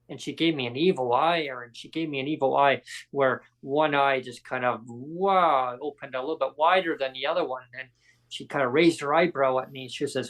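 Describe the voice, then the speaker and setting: A man's voice: mid-range voice, brisk, poor audio. A man hosting a casual podcast chat, telling a story animatedly and acting out the people in it. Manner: animated storyteller, acts out quotes. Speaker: podcast host.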